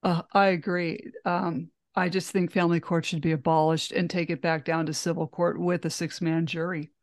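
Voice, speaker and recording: A podcast host speaks at a middling pitch, often agreeing with the guest and filling gaps with quick "mm-hmm"s. The sound is close and dry, with no room echo. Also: flat delivery. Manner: agreeing, frequent backchannel "mm-hmm". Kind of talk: conversational interview.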